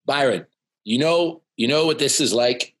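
A man's voice: mid-range voice, measured pace, a bit bright. A man hosting a podcast, teasing his co-host and often tripping over his words. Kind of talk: casual chat.

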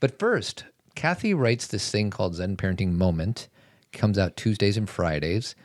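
A man's voice: lowish voice, animated, normal speed, no echo. A man co-hosting a podcast in casual chat, rambling and correcting himself as he goes. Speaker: podcast co-host.

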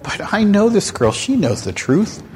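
A man hosting a candid faith talk show, speaking in a frank, animated storytelling manner. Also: sits high, measured pace, slight background noise. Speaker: host. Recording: long hall reverb.

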